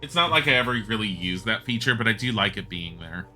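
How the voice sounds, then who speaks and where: A man comments on a game as he plays, speaking casually and bluntly and swearing from time to time. His voice sits slightly low but has a bright, sharp edge. Light music plays quietly behind him. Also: animated, fast talker. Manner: chatty, blunt, swears, thinks aloud. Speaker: game streamer.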